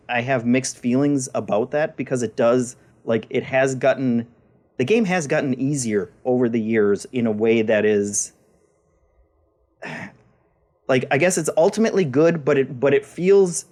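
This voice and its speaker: Hesitant man chatting about games. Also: medium pitch. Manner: hesitant, repeats words while thinking. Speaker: podcast co-host. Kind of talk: casual chat.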